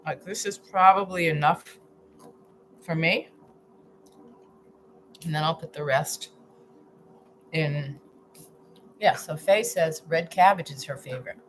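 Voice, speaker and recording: A woman's voice: fairly low pitch, slight background noise, rough recording. A woman hosting a live cooking stream from her home kitchen, chatting casually and thinking aloud as she chops, with restarts and pleased hums as she tastes. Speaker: healthy-eating coach hosting a live stream.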